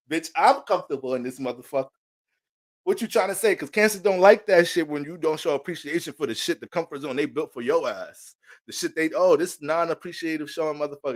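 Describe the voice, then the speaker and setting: A young man giving a casual, profane, joking astrology reading in animated rants. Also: mid-range voice. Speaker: astrology reader.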